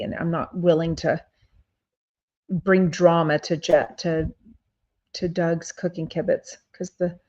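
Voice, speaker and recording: A woman's voice: on the low side, darkish tone, dull audio. A woman from Texas with a drawl, hosting a casual podcast and reading viewer comments aloud, with lots of fillers. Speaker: podcast host.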